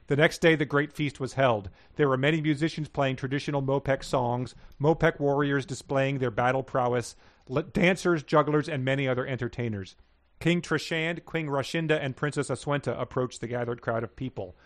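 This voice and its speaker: A man's voice: mid-range voice, normal speed. A man co-hosting a podcast, chatting casually and reading passages aloud with small stumbles. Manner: reads passages plainly with small stumbles and chuckles. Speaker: podcast co-host reading listener submissions.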